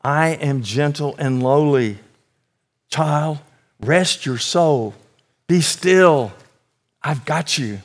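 A male preacher voicing God, who answers calmly and gently in soft, quiet reassurance. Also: a little high, very slow, long pauses. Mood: gentle. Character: calm, gentle God comforting a child.

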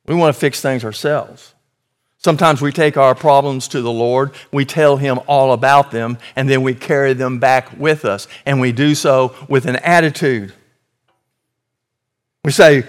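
A man preaching a sermon in an earnest, emphatic way, slowing and swelling for emphasis. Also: mid-range voice.

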